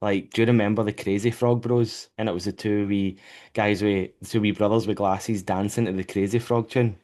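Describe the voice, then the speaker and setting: A man hosts a podcast over a remote call. His voice sits a bit low, and he chats casually with plenty of enthusiasm and the odd swear word. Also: steady tone, a little fast, a little mellow. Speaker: podcast host.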